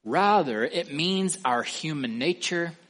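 A man preaching an expository sermon, emphatic, asking the listeners questions and slowing down or speeding up for stress. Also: fairly high pitch, animated, fairly bright tone. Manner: emphatic, asks the listeners questions, varies pace and volume for stress.

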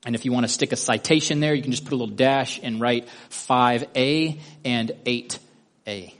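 A man's voice: mid-range voice, moderate pace. A man teaching a Bible study lesson, methodically guiding listeners step by step through a drawing.

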